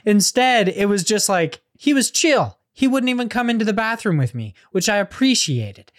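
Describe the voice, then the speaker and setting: Profane rambling podcast co-host. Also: male voice, high-pitched, big pitch swings, normal speed, a bit bright. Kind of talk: casual chat.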